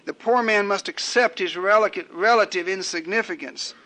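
An older man preaching a sermon in a measured, rhetorical way, building his points through repeated phrases. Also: high-pitched, sharp tone.

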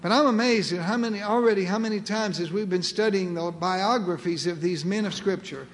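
A man with a high voice preaches a sermon as pastor. He speaks earnestly, slowing for emphasis and repeating his key phrases. His voice trails off into the long reverb of a large hall.

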